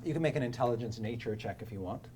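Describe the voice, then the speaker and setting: A man narrating a tabletop game as dungeon master, describing scenes in a relaxed way with filler words. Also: mid-range voice, racing, slight background noise.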